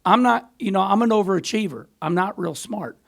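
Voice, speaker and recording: A man's voice: high voice, a little fast, creaky. A middle-aged man, a podcast guest, telling rambling stories in casual chat and laughing often. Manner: animated, rambling storyteller who laughs often. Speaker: podcast guest, former racer.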